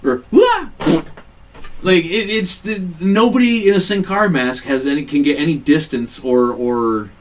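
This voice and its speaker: A man co-hosting a casual chat podcast, swearing freely and breaking into quick impressions as he tells stories. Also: fairly high pitch. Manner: profane, animated, mimics voices mid-story. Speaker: podcast co-host. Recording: distant mic, faint room noise.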